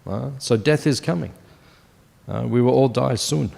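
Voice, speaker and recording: A man's voice: medium pitch, a little slow, creaky, darkish tone. A man in his fifties giving a morning scripture class in a temple. He talks in a loose, conversational way and keeps asking the listeners questions. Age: 50s. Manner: conversational, asks the audience questions. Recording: long hall reverb.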